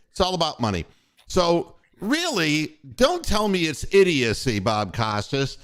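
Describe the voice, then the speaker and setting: A man's voice: a little high, very animated, a little slow, fairly bright tone, smooth. An older man hosting a casual sports talk show, telling rambling, profane stories from his years running a radio station. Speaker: podcast host and former radio station boss.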